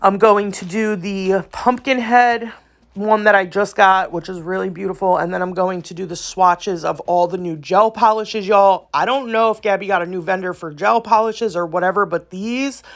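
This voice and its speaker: A woman's voice: mid-range voice, fairly even intonation, normal speed. A woman hosting a nail art channel, telling stories in a rambling, chatty voiceover, laughing often and calling her viewers y'all. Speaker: nail art YouTuber and host.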